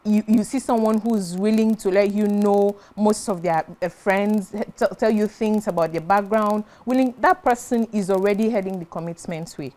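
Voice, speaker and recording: A woman's voice: medium pitch, moderate pace, hardly any pauses, dark tone. Woman talk-show guest, casual storyteller, conversational delivery. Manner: chatty, retells conversations, keeps asking "do you understand". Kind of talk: casual panel discussion.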